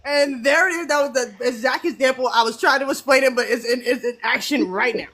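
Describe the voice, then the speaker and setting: A woman chatting casually on a podcast panel, animated and laughing, often repeating herself. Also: high voice, fairly quick, faint music behind. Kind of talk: casual group chat.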